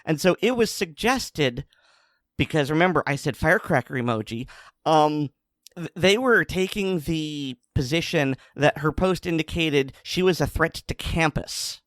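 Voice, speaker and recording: An animated man with a slightly high, fairly bright voice talks at a measured pace in a dry, studio-quality recording. He's co-hosting a podcast, casually and sardonically recounting a news story.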